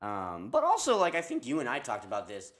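A young man co-hosting a casual podcast outdoors, easygoing and quick to laugh. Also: mid-range voice, huge pitch swings, a bit bright. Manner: easygoing, laughs often, agreeable. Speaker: podcast co-host, wholesale manager. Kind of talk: casual chat. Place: outdoors by a parking lot.

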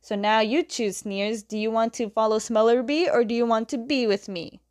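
A woman's voice: on the high side, steady tone, normal speed, a little mellow, lightly acted. Woman voicing a defiant young earthbender girl, indignant, firm, slightly raised voice.

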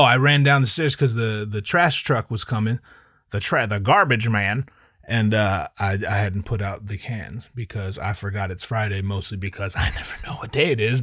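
A middle-aged man hosting a podcast, ranting casually in a profane, rambling, animated way. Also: medium pitch, no room sound, studio quality. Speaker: podcast host. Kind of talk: casual solo podcast rant.

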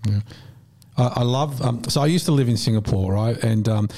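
A man's voice: medium pitch, moderate pace, mellow. A man with an Australian accent hosting a casual interview, talking candidly and a little coarsely.

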